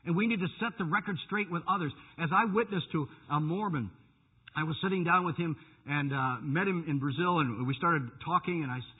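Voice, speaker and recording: A man's voice: on the high side, slightly rough, big-room sound. Man preaching over tinny radio. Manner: fiery, emphatic preaching with slow dramatic stresses. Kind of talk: radio sermon. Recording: tinny phone-like radio broadcast.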